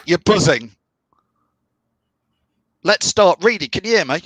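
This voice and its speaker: A man's voice: sits high, lively intonation, unhurried, fairly bright tone, no room sound, rough recording. A middle-aged man from the of England hosting a fan live stream, chatting and reading out viewer comments. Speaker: fan channel host.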